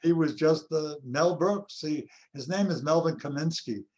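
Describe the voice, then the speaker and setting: An older male actor reminiscing in an interview, telling anecdotes in an unhurried way. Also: fairly high pitch, darkish tone. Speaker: actor guest.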